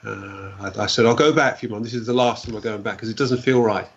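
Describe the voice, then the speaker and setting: A man, a guest recounting a personal story in a halting way, repeating words and adding "like, you know". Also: lowish voice, steady tone, dull audio, a little hiss or hum.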